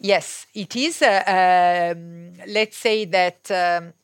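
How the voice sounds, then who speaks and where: A woman's voice: fairly low pitch, fairly even intonation, extremely slow, clear, resonant tone, no room sound, clean studio sound. Hesitant woman with an Italian accent. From Italy. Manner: hesitant, many filler sounds, searching for words. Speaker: guest, fabric company co-owner. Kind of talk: podcast interview answers.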